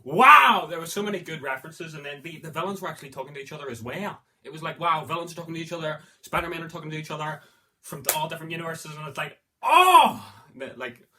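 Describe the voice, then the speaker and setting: A man giving a casual movie review, rambling and excitable, breaking into loud exclamations of delight. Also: fairly high pitch, racing, a little hiss or hum.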